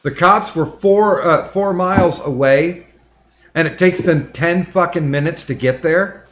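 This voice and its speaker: A man's voice: on the high side, a little slow, a bit bright. A man hosting a casual podcast, retelling a story in a heated, profane way with lots of restarts. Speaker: podcast host.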